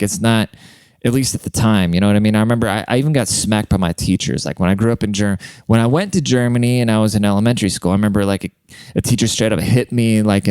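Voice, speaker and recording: A podcast host talking in a rambling, foul-mouthed comedic monologue, with a lowish, smooth, resonant voice. The sound is close and dry, with no room echo. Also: male voice, a little mellow. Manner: profane, rambling storyteller who laughs at his own jokes.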